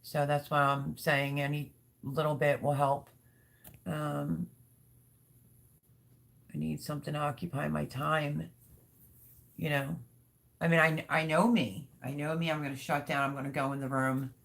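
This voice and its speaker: A woman's voice: sits low, level tone, measured pace, creaky, long pauses. A woman hosting a casual livestream from home, rambling candidly and reading out viewer comments. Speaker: livestream host. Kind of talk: casual live-stream chat.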